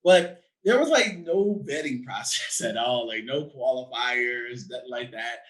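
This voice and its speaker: A man in his thirties talking in an animated, chatty way, laughing and checking in often with his listener. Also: mid-range voice, unhurried, rough recording. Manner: animated, laughing, frequent "right?" tags. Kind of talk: casual conversation.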